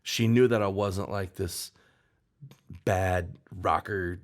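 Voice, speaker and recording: Lively, low-voiced man telling a story. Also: takes it slowly. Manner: animated storyteller acting out quoted voices. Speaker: songwriter guest. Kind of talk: casual storytelling chat.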